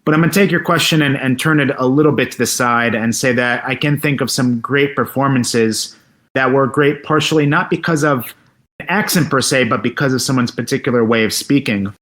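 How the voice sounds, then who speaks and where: A man in a casual podcast discussion, articulate and measured. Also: mid-range voice, a bit bright.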